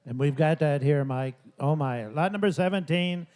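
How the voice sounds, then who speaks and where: A man working as an auctioneer at a livestock sale, calling bids in a rapid rhythmic chant. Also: on the high side, a little mellow.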